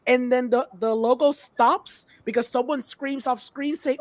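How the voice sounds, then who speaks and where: A woman's voice: on the high side, normal speed, hardly any pauses, dry recording. Puerto rican woman, podcast co-host, casual movie recap, acts out lines, dry room. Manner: relaxed recap, slips into Spanish, acts out lines.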